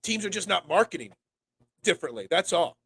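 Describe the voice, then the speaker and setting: A man's voice: high-pitched, sing-song, a little fast, creaky, a bit bright, husky. A man in his forties from Pennsylvania, hosting a casual sports talk show. He is feeling sick, rambles, and stammers through many restarts. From Pennsylvania, USA. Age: 40s. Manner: rambling, stammers and restarts, reads and answers chat. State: sick, congested.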